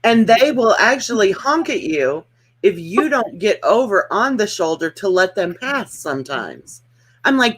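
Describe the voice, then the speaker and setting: A woman speaking in a relaxed, wry way, in a casual chat she hosts. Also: mid-range voice, measured pace, husky. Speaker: channel host.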